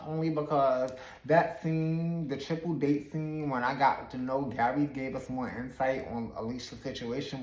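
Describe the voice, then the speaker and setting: A man's voice: medium pitch, darkish tone. A man casually recapping a reality show, chatty and slangy, retelling scenes with plenty of sass. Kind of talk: casual commentary. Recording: echoey room.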